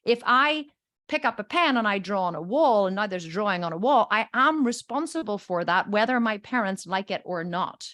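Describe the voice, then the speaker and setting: A woman coaching a group in a lively, animated way, her pitch swinging widely as she tells stories. She keeps checking in with her listeners and acts out the voices of the people in her examples. The sound is dry and close, with almost no room around it. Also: normal speed, no room sound. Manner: animated storytelling, checks in with "okay?" and "right?". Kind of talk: teaching a group session.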